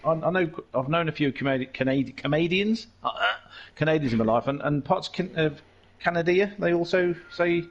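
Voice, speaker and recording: A man's voice: on the high side, brisk. Joking man on a lo-fi mic. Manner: chatty, joking, rambling. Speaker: streamer, race host. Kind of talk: casual chat during online racing.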